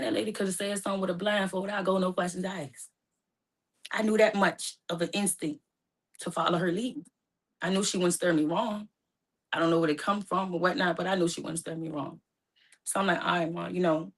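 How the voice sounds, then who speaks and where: A woman's voice: fairly low pitch, fairly bright tone. A young woman in an emotional personal storytelling talk, acting out both sides of her phone calls. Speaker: guest telling her story.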